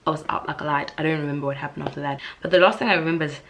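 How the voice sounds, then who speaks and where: A young woman with a South African accent, telling a casual storytime vlog in an animated, dramatic way, with shrill high voices for the people she quotes and hushed whispers for the tense parts. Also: very fast, a little hiss or hum. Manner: drops into hushed whispers when telling suspense. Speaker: YouTuber.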